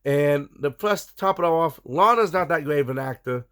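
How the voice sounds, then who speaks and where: A man's voice: fairly high pitch, lively intonation, normal speed, a bit bright, smooth. A man hosting a casual wrestling recap, giving blunt opinions and talking straight to his viewers. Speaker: wrestling show recap host.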